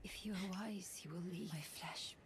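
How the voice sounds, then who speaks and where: An afflicted young woman speaks in a hushed, ominous whisper, as if something else speaks through her, voiced by an actress. She comes through game audio with loud music over her. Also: on the low side, normal speed, close to an everyday voice. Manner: whispered warning.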